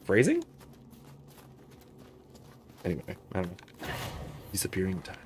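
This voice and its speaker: Guy streaming a game, chatty and self-deprecating, lowish voice. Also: lively intonation, normal speed, noisy background. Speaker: host. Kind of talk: casual game-play commentary.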